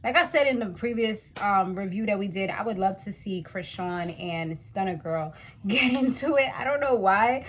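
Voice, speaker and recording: A woman's voice: mid-range voice, normal speed, a bit bright, a little hiss or hum. A woman from the West Indies giving a chatty, slangy recap of a reality TV episode, talking straight to her viewers.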